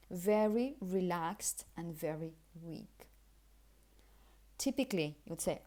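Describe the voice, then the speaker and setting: A woman giving a pronunciation lesson, with a mellow, warm voice. She explains patiently and says each example sentence twice, first carefully and then softly and loosely, the way it sounds in connected speech. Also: fairly low pitch. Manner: models example sentences slowly, then repeats them relaxed and weak. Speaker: English pronunciation teacher.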